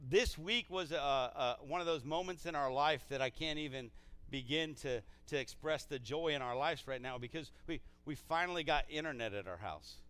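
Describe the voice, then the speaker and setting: A man pastor preaching a sermon in a church, casual and energetic, with frequent restarts. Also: a little high, normal speed, smooth. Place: church sanctuary.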